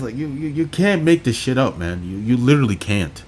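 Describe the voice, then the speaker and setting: A man's voice: medium pitch, very animated, brisk, darkish tone, slightly rough. A man reacting to clips with mocking, profane outbursts. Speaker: commentary reactor. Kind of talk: live reaction commentary.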